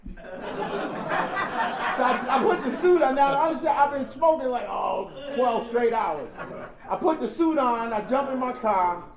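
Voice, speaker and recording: A man with a high voice tells a comic story about his past in an animated way. His voice rings through a large echoey hall, and a big crowd laughs along behind him. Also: measured pace. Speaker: speaker sharing recovery story. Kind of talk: storytelling share at a recovery convention. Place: large convention hall with audience.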